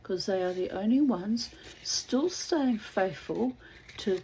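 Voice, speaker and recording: A woman's voice: medium pitch, animated, slow, darkish tone, a little hiss or hum. A middle-aged woman reading aloud and rambling in wry asides, sometimes dropping to a whisper. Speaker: reader.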